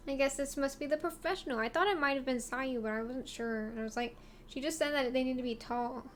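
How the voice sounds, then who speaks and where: A woman's voice: high voice, fast talker, a little hiss or hum. A woman streamer chatting casually with wry asides and laughs while she plays a video game. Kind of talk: casual live-stream commentary while gaming.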